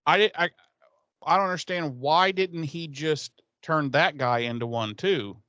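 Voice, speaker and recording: A man's voice: on the high side, unhurried, sharp tone, no room sound, dull audio. A man co-hosting a podcast, joking and swearing, full of likes and acted-out quotes. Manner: jokey and profane, with lots of likes and acted-out quotes. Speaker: podcast co-host. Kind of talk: casual banter.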